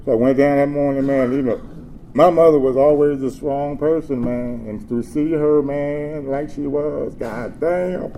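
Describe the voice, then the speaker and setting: A man telling his personal story to a meeting, swinging from animated joking to low, subdued talk. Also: normal speed. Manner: animated and joking early, then low and subdued while telling hard times. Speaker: speaker sharing his story at a recovery meeting. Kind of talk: spoken testimony. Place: meeting room with an audience. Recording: crowd murmur and background noise.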